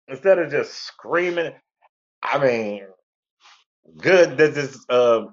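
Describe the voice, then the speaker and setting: A man hosting a talk radio show, rambling in a laid-back, repetitive way. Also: mid-range voice. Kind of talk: casual monologue. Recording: lo-fi internet radio audio.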